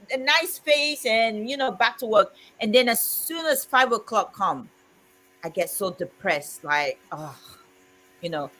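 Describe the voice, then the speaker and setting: A woman's voice: medium pitch, fairly bright tone, low-quality recording. A woman in casual chat, telling a heartfelt personal story in an earnest way with frequent "you know"s. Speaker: co-host of a community chat stream.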